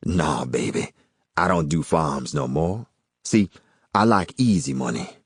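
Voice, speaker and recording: A cocky small-time hustler, read by a man in an audiobook, folksy and drawling. The voice is very deep, and its pitch swings widely. It sounds dry and close. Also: lively intonation, measured pace, slightly rough, no echo, full character voice. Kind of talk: audiobook character voice.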